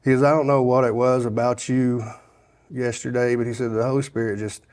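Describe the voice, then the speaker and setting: A man's voice: medium pitch, little pitch movement, brisk, a little mellow. A man from telling his life story in a casual interview, rambling with many restarts and quoting the people he met. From Sevier County, Tennessee. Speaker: guest sharing his testimony.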